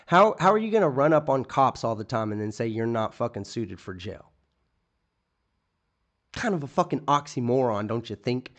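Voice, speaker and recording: A man hosting a live stream, ranting in profane, scornful commentary. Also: medium pitch. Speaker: streamer host.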